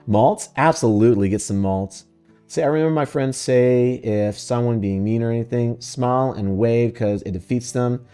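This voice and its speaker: A laid-back man chats on a livestream as he answers his viewers. His voice is mellow and on the dark side, and his talk is loose and sprinkled with swearing and laughs. Soft guitar music plays faintly behind him. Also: on the low side. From Texas. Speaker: VTuber streamer. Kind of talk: casual livestream chat answering questions.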